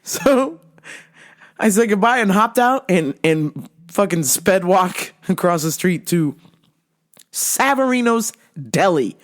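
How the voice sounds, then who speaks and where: A woman in her thirties hosting a podcast, telling a story in a casual, animated way, laughing often and swearing freely. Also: mid-range voice, slow. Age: 30s. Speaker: podcast host.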